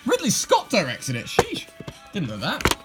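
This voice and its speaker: A man's voice: on the high side, animated, normal speed. A young man from England casually showing off his tape collection, rambling and correcting himself with dry asides. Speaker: video collector host. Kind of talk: casual show-and-tell. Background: music.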